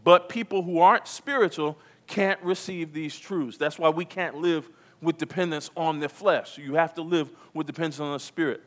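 A man's voice: on the high side, normal speed, a bit bright. Man preaching a fiery sermon. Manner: emphatic preaching, repeats key phrases, calls to the congregation. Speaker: pastor. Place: church.

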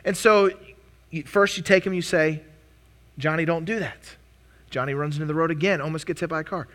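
Bright-voiced, high-pitched male preacher. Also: fast. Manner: earnest, conversational preaching with frequent restarts. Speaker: pastor. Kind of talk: sermon.

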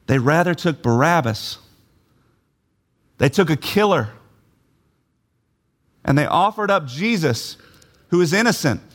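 A man's voice: a little high, expressive, unhurried, pauses often. A man preaching a sermon, emphatic, repeating key phrases and putting questions to his listeners.

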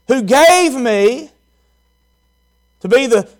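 A man preaching in the voice of the twelve-year-old Jesus, giving a gentle, riddling answer. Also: very high voice, animated, extremely slow, pitched above the performer's own voice, full character voice. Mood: playful.

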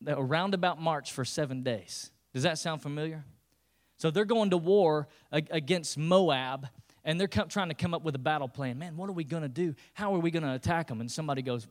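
A man's voice: a little high, fairly quick. A man preaching a sermon as the pastor, retelling scripture in a casual, humorous way with playful character voices.

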